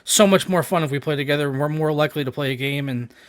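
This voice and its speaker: A man co-hosting a casual gaming chat, animated and joking, with casual swearing. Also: on the high side, fast, no echo, studio quality. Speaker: co-host.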